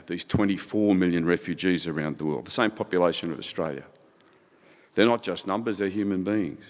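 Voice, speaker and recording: A middle-aged keynote speaker delivers an impassioned address in a large conference hall, building his points through rhetorical repetition. His voice is low with a darkish tone, and the recording carries hall reverb.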